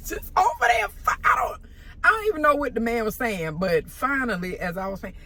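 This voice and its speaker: A woman telling a story in a casual vlog, sassy and animated, with sudden loud exclamations and soft asides. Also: on the high side, normal speed.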